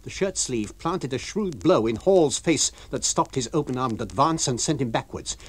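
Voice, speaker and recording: A man reading a novel aloud for radio, with an expressive, varied storytelling delivery. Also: medium pitch, moderate pace. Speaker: reader.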